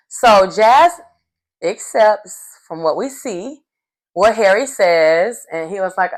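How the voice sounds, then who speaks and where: A woman's voice: medium pitch, takes it slowly. A woman vlogger casually recapping a reality show episode, telling it animatedly and acting out quotes. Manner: animated storytelling, acts out quotes.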